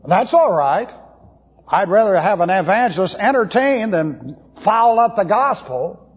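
A man preaching to a Bible class, blunt and opinionated, slowing down to press his points. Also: high voice, big pitch swings, slightly rough. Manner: blunt, opinionated, slows for emphasis. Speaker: pastor teaching a Bible class. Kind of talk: sermon lecture. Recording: dull lo-fi tape in a reverberant hall.

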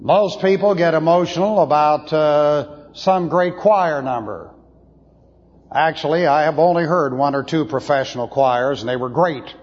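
A man preaching to a Bible class, blunt and opinionated, slowing down to press his points. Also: on the high side. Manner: blunt, opinionated, slows for emphasis. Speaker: pastor teaching a Bible class. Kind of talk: sermon lecture. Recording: dull lo-fi tape in a reverberant hall.

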